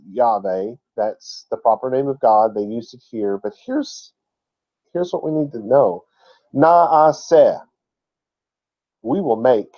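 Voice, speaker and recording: A man of middle pitch teaches scripture word by word, folksy and chatty, with casual asides. The recording sounds a bit dull and lo-fi. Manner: folksy and chatty, laughs at his own asides. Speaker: Bible teacher.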